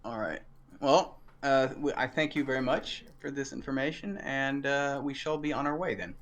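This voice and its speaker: A man playing a tabletop game, speaking in a polite, measured way. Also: mid-range voice, a bit bright. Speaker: player.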